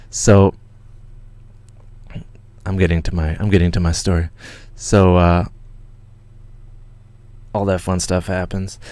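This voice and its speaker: Low-voiced excitable Canadian guy. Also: no room sound. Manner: excited, swears a lot, rambling with restarts. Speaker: channel host. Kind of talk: casual livestream storytelling.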